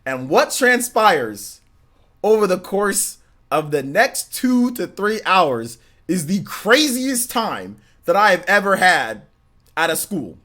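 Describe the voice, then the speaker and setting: A young man hosting a gaming livestream, telling a story in a casual, animated way, laughing and exclaiming as he thanks viewers. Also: sits high, slow. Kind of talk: casual storytelling with chat shout-outs.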